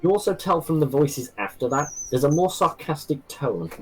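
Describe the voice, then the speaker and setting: Game master with lively pitch. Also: male voice, normal speed, low-quality recording. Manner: hesitant, restarting while describing. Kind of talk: narrating a tabletop game.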